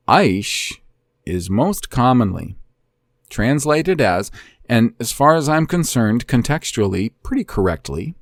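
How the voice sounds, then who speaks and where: A man hosting his own channel, deliberately and earnestly explaining a document, step by step. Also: mid-range voice, dry recording, clean studio sound. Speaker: host of a Bible language channel. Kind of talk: explanatory talk walking through a document.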